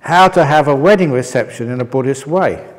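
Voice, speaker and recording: A man's voice: mid-range voice, animated, brisk. A man who is a Buddhist monk and teacher, answering retreat questions with humorous stories and reading each question aloud. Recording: long reverb of a meditation hall.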